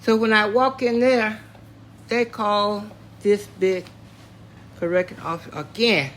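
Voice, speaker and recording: An older man from Tennessee, slowly and plainly recounting a story from his own life. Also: high voice, steady tone, a bit bright, slight background noise. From Tennessee, US South. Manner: slow, plainspoken, matter-of-fact telling. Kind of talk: spoken personal story.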